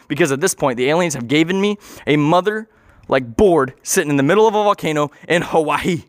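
A man improvising an absurd story in a rambling, excitable way, swearing and acting out the scenes. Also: on the high side, quick pace, no room sound, clean studio sound.

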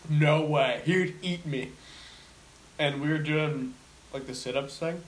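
A young man in casual chat with a friend, laid-back, laughing often and trailing off into quiet asides. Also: fairly high pitch, measured pace.

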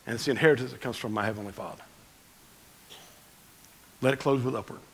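Bright, animated preaching man. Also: mid-range voice, fast talker, vocal fry, husky, rough recording. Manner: conversational preaching, swinging between loud emphasis and quiet asides. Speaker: pastor. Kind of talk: sermon.

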